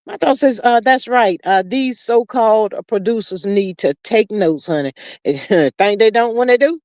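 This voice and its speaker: Woman, livestream host, sassy gossip chat, drawl, swooping expressive pitch, dry close sound. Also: measured pace, no echo. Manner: sassy, drawling, peppered with "child" and "honey"; reads viewer comments aloud. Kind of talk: casual gossip chat with live chat readers.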